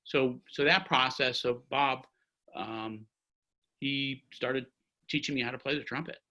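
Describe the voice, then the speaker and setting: This is a man in his sixties with a bright, forceful voice, talking at an ordinary middle pitch. He spins a long, meandering anecdote over a video call from his home, stopping and restarting mid-sentence. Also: fairly even intonation, measured pace, rough recording. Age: 60s. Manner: long-winded, rambling, full of restarts. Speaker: orchestra trumpet player, guest. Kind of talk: anecdotal storytelling in an interview. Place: at home by his music stand.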